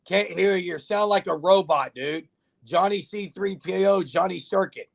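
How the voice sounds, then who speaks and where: Gravelly, chatty male sports show host. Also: high voice, normal speed. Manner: chatty, jokey, talks straight to viewers. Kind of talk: casual sports talk, reading viewer comments.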